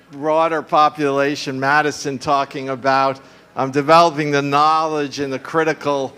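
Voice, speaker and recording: Guy on a conference panel, bright clear voice, rambling with lots of "you know"s. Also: fairly high pitch. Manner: discursive, frequent fillers and asides, laughs often. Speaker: panel speaker. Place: live conference stage.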